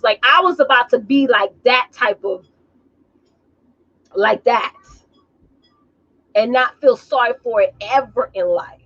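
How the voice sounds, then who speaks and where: A woman business coach talking casually on a live stream, telling animated stories and calling her viewers y'all. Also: a little high, unhurried, pauses often, lo-fi sound.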